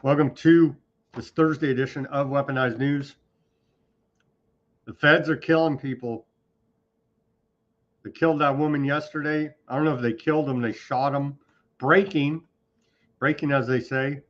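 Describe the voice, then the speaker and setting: A man's voice: medium pitch, steady tone, moderate pace, pauses often. A man hosting an online news show in a loose, off-the-cuff way, with sarcastic asides. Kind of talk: casual online news commentary. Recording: slightly dull lo-fi sound.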